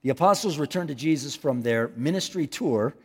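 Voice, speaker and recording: A man preaching a sermon as pastor, animated, repeating phrases and calling on the congregation to answer him. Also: a little high, a little fast, slightly rough. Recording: long hall reverb.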